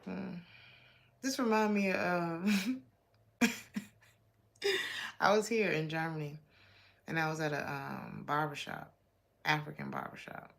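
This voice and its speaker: An American woman from Georgia gives a casual tarot reading with a low, gravelly voice. She talks in a chatty, blunt, slangy way and laughs often between thoughts. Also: expressive, slow, pauses often, a bit bright. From Georgia, USA. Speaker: tarot reader.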